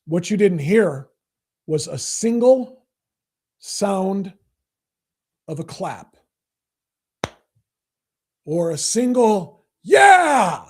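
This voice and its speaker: A man hosting his own opinion podcast, talking emphatically with deliberate pauses. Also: high-pitched, darkish tone, slightly rough. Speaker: podcast host. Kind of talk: opinion commentary.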